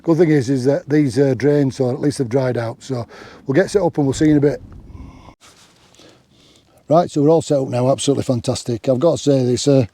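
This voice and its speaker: A man's voice: medium pitch, fairly quick, pauses often, mellow, no room sound. A middle-aged man, chatting casually and rambling through a hiking vlog from open moorland, speaking into a clip-on mic. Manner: rambling and chatty, many restarts and fillers. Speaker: hiking vlogger. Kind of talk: casual outdoor vlog chat. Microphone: clip-on microphone.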